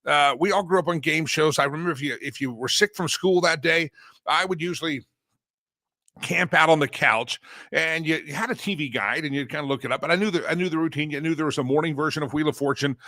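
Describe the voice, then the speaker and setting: A middle-aged American man runs his own political commentary show, rambling and mocking with chuckling asides. His voice is bright and a little high. The sound is dry and close, with no room echo. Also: fast. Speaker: host.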